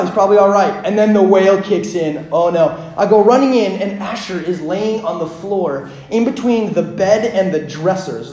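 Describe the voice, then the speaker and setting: Man, 30s, pastor, sermon, high-pitched, conversational with fillers, hushed to loud, echoey room. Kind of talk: sermon with personal storytelling.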